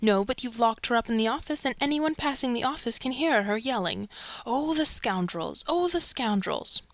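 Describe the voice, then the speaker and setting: A woman's voice: on the high side, animated. Woman reading as an agitated male theater secretary. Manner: indignant, rapid questioning.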